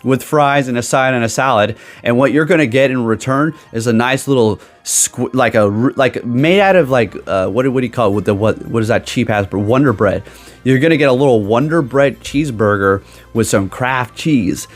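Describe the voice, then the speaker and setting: A man's voice: medium pitch, normal speed, soft background music. Rambling, sarcastic man ranting. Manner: rambling, sarcastic, restarts mid-sentence. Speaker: gaming YouTuber. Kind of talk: ranting casual vlog. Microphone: desk microphone.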